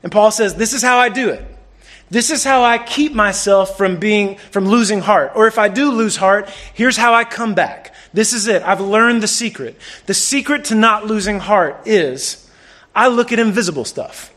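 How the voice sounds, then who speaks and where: A man preaching a sermon, telling a lively story and acting out the people in it. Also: high-pitched, moderate pace. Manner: animated storyteller, acts out quotes. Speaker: pastor.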